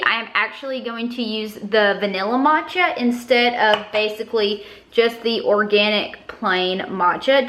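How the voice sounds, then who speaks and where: A woman's voice: fairly high pitch, a bit bright. A young woman with a regional accent giving a chatty, upbeat recipe demonstration, with self-deprecating asides. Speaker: cooking vlogger.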